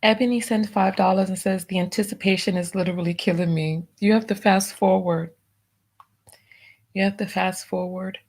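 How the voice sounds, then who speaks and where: A woman hosting a live stream, reading out viewer donation messages and softly thanking each one. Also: mid-range voice, steady tone, normal speed. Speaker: livestream host.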